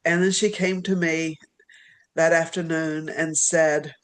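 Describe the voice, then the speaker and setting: A woman from Virginia, a literary agent, telling stories as a podcast guest in an animated, rambling way. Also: deep voice, takes it slowly. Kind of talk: storytelling in an interview.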